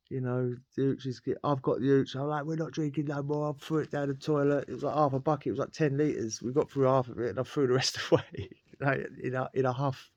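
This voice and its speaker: A man's voice: mid-range voice, fairly even intonation, a little fast, darkish tone, dry recording, muffled recording. A man telling a rambling personal story in casual slang, laughing often. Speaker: podcast guest telling a prison story.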